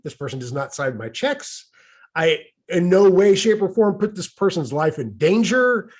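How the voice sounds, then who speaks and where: Lively middle-aged man telling a story. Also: high voice. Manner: animated, wry, exasperated. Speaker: vlogger telling a personal story. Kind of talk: casual storytelling.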